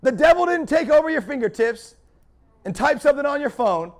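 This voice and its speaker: Fiery high-voiced gravelly preacher man. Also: big pitch swings, a little fast. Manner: fiery, preaching with rising intensity. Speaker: pastor. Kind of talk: sermon.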